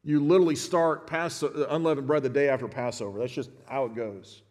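A man's voice: mid-range voice, steady tone, a little fast, a little mellow, in a large hall. A man in his fifties giving a sermon as a pastor, teaching in a conversational way and speaking straight to his congregation. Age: 50s. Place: church sanctuary.

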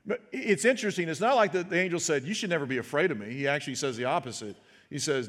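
Fast and a bit bright, a fairly high male voice delivers a sermon in a chatty way, tossing "right?" to his listeners and dramatizing quoted speech. Long hall reverb surrounds him.

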